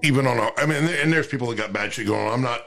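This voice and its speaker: A man's voice: medium pitch, very fast, a bit bright. A man, a farmer, talking in a rambling, profane way with many restarts in a casual podcast chat.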